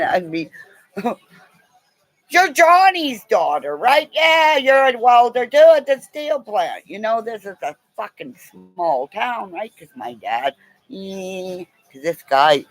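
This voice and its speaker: A woman's voice: medium pitch, no echo. A middle-aged woman telling a meandering personal story in a casual way, laughing often and swearing freely.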